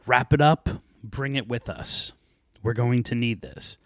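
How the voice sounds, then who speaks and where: A man voicing a small, kindly talking mouse who whispers hushed, insistent warnings in a retold fairy tale. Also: medium pitch, unhurried, dry recording, studio quality, close to an everyday voice. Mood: urgent.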